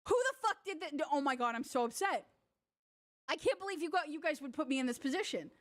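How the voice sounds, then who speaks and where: Woman streamer, high voice, animated, casual chat. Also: fast talker. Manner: animated, exasperated, swearing.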